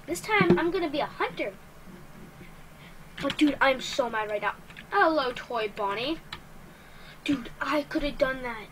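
A woman records let's play commentary over her game, chattering to herself as she goes. Her voice sits high and is bright. She reacts in quick, excitable exclamations. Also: a little hiss or hum. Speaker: gamer.

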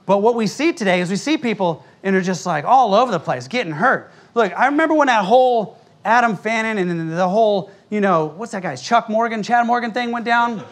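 High-voiced blunt American preacher. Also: male voice, lively intonation, fairly quick, hardly any pauses. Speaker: pastor. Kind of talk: sermon. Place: church sanctuary before a congregation.

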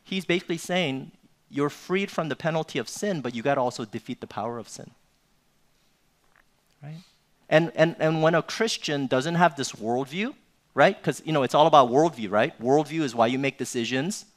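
A man's voice: on the high side, moderate pace. A male pastor preaching a sermon in an informal, conversational way, often tagging his sentences with "you know" and "right?".

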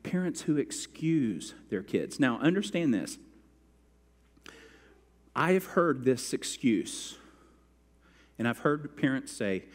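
A man's voice: mid-range voice, very animated, slow pace, long pauses. A man pastor delivering a sermon in a church sanctuary. His voice sits in the middle range, and a long reverb hangs after each phrase. He tells stories and acts out the quotes in them. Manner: storytelling with acted-out quotes.

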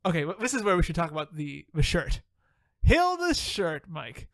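A man hosting a podcast in casual chat, animated, laughing often and swearing casually. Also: fairly high pitch, fast, vocal fry, no room sound. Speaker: podcast host.

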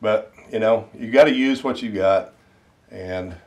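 A man explaining his reloading gear in a casual, unhurried way, thinking aloud with plenty of fillers. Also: lowish voice, darkish tone, recorded from a distance, muffled recording. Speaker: ammunition reloading hobbyist. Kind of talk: casual instructional talk. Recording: roomy sound, mic set back.

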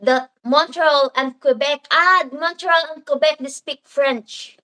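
High, bright Filipino woman chatting slowly. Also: steady tone, poor audio. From Philippines (Davao). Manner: chatty, rambling, mixes in Filipino words. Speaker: livestream host. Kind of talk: casual live-stream chat reading viewer comments.

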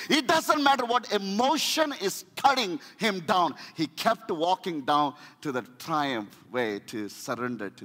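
Impassioned preacher man in a hall. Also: high-pitched. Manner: impassioned, swings from loud to hushed; repeats phrases for emphasis. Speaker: pastor. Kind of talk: sermon.

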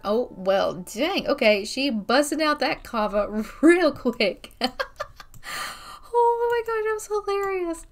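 A young woman hosting a gaming video, chatting excitedly through her gameplay with frequent exclamations. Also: a little high. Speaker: gaming channel host. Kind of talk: casual game commentary.

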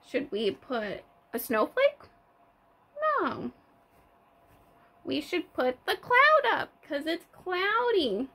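A young woman teaching toddlers, reading a picture book aloud in a slow, sing-song way with gasps of surprise. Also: sits high, sharp tone.

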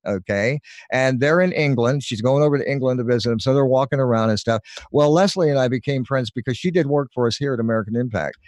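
A man's voice: medium pitch, fast talker, a little mellow, no echo, studio quality. A middle-aged man, a voiceover artist, chatting casually and rambling through stories. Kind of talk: casual chat on a live stream.

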